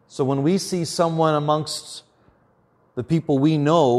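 A man preaching a sermon as pastor, earnest, often dropping quiet and slow for emphasis. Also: mid-range voice.

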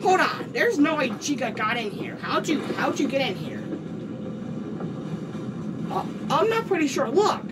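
Brief: high-voiced woman gamer, frantic and cursing, noisy recording. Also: big pitch swings, a little slow, pauses often, distant mic. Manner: frantic, swears a lot, repeats "bro". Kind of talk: casual gameplay commentary.

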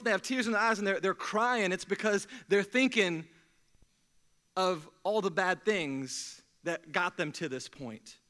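Young male pastor, high bright voice, energetic sermon with humor. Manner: energetic call-and-response preaching with jokes. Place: church sanctuary.

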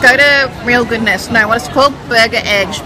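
A woman's voice: fairly high pitch, a little fast, noisy background. A young Australian woman chatting casually to her camera while shopping, giggly and self-mocking. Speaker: vlogger. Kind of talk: casual vlog chat. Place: busy shopping centre food court. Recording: loud crowd and background music.

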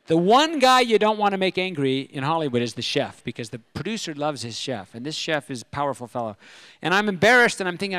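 A middle-aged man telling a personal story at a convention, animated and self-deprecating. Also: a little high, quick pace, no echo. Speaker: speaker at a religious convention.

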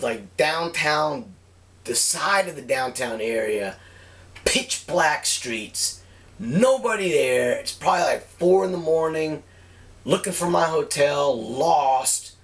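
A man spins a wild story in loose, rambling fashion, cursing at nearly every turn. His voice sits at an ordinary middle pitch and comes across a little distant from the microphone. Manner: rambling, heavy swearing, animated retelling. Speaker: cigar reviewer telling a story. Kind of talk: casual profane storytelling.

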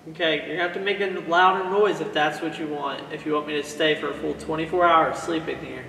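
Calm man questioning a spirit in an echoey room. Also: fairly high pitch, creaky. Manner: calm, measured, counts down slowly aloud. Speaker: paranormal investigator. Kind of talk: ghost-hunting vlog, questioning a spirit. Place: empty office building at night. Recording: echoey room, mic some distance off, faint noise.

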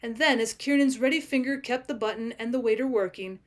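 A woman teacher reads a classic short story aloud for her students. Her fairly high voice carries a clear, steady storytelling pace. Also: a little fast. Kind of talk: audiobook narration.

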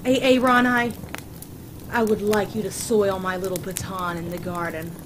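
A woman voicing a goofy adult man who talks in an exaggerated mock Australian accent, loud and high, with noisy background ambience. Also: level tone, normal speed, lightly acted. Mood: pleading. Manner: loud, high, overdone and flirty. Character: goofy adult man doing a fake Aussie voice.

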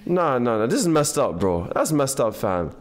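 A man of Ethiopian background giving casual gaming commentary in animated, excitable, slangy banter, tired and half awake. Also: mid-range voice, moderate pace. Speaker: game streamer. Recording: voice over game audio and faint music.

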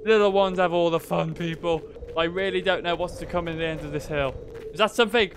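A man giving casual, joking gameplay commentary, excitable and swearing freely. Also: a little high, brisk, background noise. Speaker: gaming youtuber.

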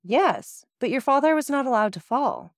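A woman's voice: high voice, lively intonation, normal speed, no room sound, studio quality, voice pushed up. A woman reading the lines of a solemn, devout young husband in an audiobook, grave and earnest.

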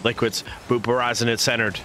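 A man's voice: medium pitch, level tone, fairly quick, bright, forceful tone, slight background noise. A young man casting a video game match live, playful and full of made-up silly words, chatting with his viewers between plays. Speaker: esports caster and streamer.

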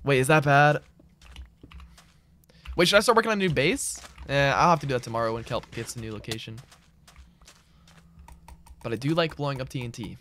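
A man's voice: medium pitch, brisk, long pauses, fairly bright tone, slight background noise. A man streaming a game live, chatting casually and reading out and answering his chat. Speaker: gaming streamer. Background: game music and keyboard typing.

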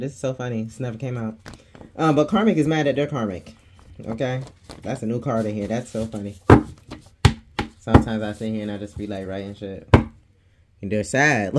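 Dude doing a tarot reading, loose slangy chat, cusses a lot, faint hiss behind. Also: male voice, medium pitch, moderate pace. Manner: chatty and slangy, laughs often, swears freely. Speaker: tarot reader.

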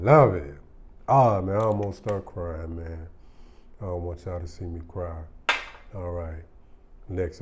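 Deep, unhurried man reviewing scents. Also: mellow, a little hiss or hum. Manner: laid-back, slangy, enthusiastic. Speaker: fragrance reviewer. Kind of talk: casual product review chat.

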